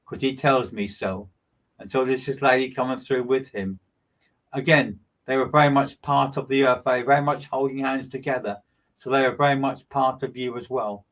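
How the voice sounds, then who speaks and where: A man's voice: medium pitch, fairly bright tone. A man giving live mediumship readings to viewers, in a chatty, gushing and rambling way with frequent stumbles. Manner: gushing, affectionate delivery. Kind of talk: livestreamed psychic reading.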